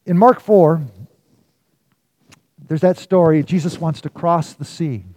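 A male pastor delivers a sermon in a slightly high, mellow voice. He moves between raised, emphatic lines and soft, hushed passages. The sound is dry and close. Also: slow pace, dry recording. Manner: storytelling with dramatic swings from loud to hushed.

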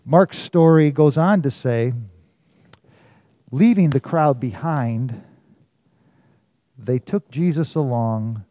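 Pastor with a mellow, slightly high voice. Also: male voice, very animated, slow, pauses often, no echo, dull audio. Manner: storytelling with dramatic swings from loud to hushed. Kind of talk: sermon.

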